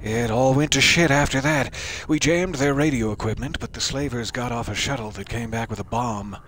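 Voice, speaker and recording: A brash, gruff mercenary boss swaggers through his war stories, voiced by a man. He holds an ordinary middle pitch with a faint hum behind him. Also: normal speed, fairly bright tone, lightly acted. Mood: swaggering.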